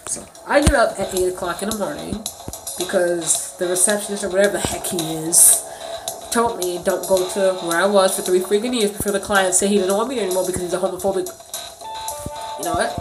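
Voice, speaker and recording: A woman vlogger telling a work story in an animated, indignant way, with music playing behind her. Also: mid-range voice, low-quality recording. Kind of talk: casual storytime vlog.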